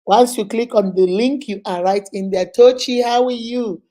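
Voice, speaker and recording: A Nigerian woman in her thirties hosting a casual live stream, chatting and greeting viewers by name, her voice going a little hoarse from a cold. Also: fairly high pitch, moderate pace, warm tone.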